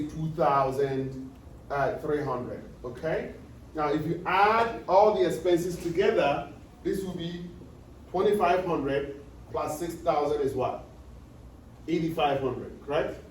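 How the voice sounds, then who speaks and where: A man's voice: a little high, darkish tone. Lecturing man in an echoey room. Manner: repetitive, checks understanding with questions. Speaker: accounting lecturer. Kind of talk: classroom lecture. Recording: echoey room, distant mic, faint noise.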